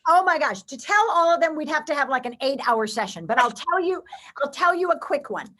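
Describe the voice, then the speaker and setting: A woman recounts faith stories as an interview guest. Her voice sits high and moves through a wide, lively range. She brings each quoted line to life as she tells it. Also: brisk. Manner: expressive, acts out quoted voices. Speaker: guest storyteller. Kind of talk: animated faith storytelling.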